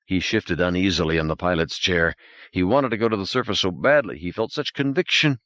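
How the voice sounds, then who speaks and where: A man's voice: sits low, big pitch swings, a little fast, fairly bright tone, no room sound, highs cut off. A man narrating an audiobook in a dramatic, suspenseful reading style. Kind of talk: scripted narration.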